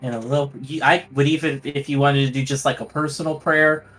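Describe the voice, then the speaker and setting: A man's voice: mid-range voice, fairly even intonation, fairly quick, over music. A man playing in a tabletop game, chatting casually with joking asides. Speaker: player.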